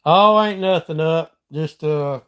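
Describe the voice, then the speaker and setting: A man's voice: fairly high pitch, takes it slowly, smooth. A middle-aged man from Georgia with a Southern accent, hosting a casual live stream and chatting with viewers in a folksy way. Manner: folksy, chatty, reads out and answers viewer comments. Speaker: livestream host.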